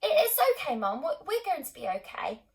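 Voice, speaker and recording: A woman's voice: a little high, sing-song, moderate pace, a bit bright. A woman reading an audiobook, voicing an anxious young boy who pleads with his distressed mother and stammers under strain. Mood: pleading. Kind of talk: audiobook dialogue.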